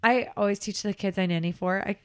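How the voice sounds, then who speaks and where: A woman's voice: mid-range voice, steady tone, quick pace, smooth. A woman who works as a nanny, chatting on a podcast and giving earnest advice with frequent ums and laughs. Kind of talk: casual podcast chat.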